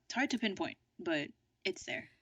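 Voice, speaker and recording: A woman's voice: fairly low pitch, animated, normal speed, a bit bright, breathy edge. A woman co-hosting a podcast in casual chat, chiming in with short wry remarks. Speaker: podcast co-host.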